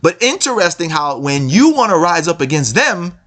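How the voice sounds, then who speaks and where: A man with a somewhat high voice speaks in an emphatic, repetitive monologue, reading passages and then commenting on them. He speaks straight to his listeners. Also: big pitch swings, moderate pace, fairly bright tone. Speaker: online commentator.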